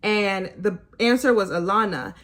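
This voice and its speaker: A woman's voice: medium pitch, lively intonation, a little slow. A woman recapping a reality show in a casual, opinionated way, teasing and laughing often and mimicking people in sarcastic asides. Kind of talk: casual episode review.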